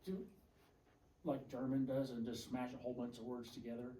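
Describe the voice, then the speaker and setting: Male student, earnest and halting, warm tone, roomy distant sound. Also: mid-range voice, flat delivery, slight background noise.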